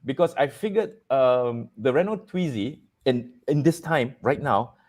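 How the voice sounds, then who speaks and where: A man hosting a casual chat show, talking in an animated, jokey way and often laughing. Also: medium pitch, measured pace. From Malaysia. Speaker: host.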